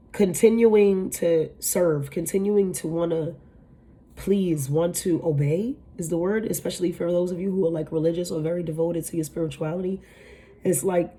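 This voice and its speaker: Rambling low-voiced woman reading tarot. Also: warm tone, breathy edge. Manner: rambling, emphatic, swears casually, many fillers. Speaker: tarot reader. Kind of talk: casual tarot reading to camera.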